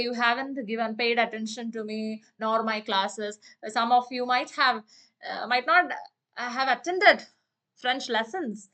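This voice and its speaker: A woman's voice: on the high side, pushed and bright. A young woman, a teacher reading a story aloud and explaining it line by line, with many fillers and restarts. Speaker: English teacher.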